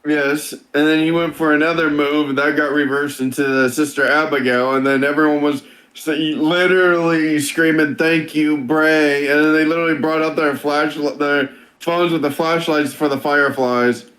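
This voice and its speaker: A man's voice: fairly high pitch, flat delivery, normal speed, hardly any pauses, fairly bright tone, poor audio. A man co-hosting a casual wrestling review, chiming in with corrections and extra details. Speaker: podcast co-host.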